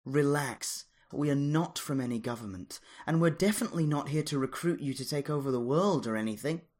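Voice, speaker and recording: A storyteller voicing an authoritative woman leader who speaks firmly and calmly. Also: mid-range voice, a little fast, voice pushed up, lightly acted. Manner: firm, commanding, even.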